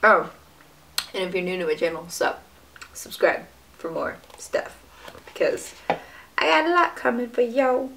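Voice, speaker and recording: A woman's voice: medium pitch, very animated, measured pace, pauses often, fairly bright tone, slight background noise. A young woman chatting casually while she eats, with frequent fillers and little "mm" sounds. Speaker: fitness vlogger. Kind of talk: casual mukbang chat to camera.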